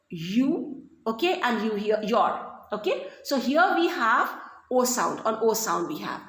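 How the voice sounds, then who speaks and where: Woman teacher, Indian English accent, high and animated, echoey room, patient step-by-step explainer. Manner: explains slowly with many "okay" and "fine". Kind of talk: recorded online class lesson. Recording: roomy echo.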